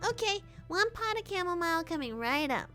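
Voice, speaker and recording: Super high bright little mouse helper, chirpy n eager. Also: female voice, big pitch swings, brisk, faint music behind, full character voice. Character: eager small mouse servant.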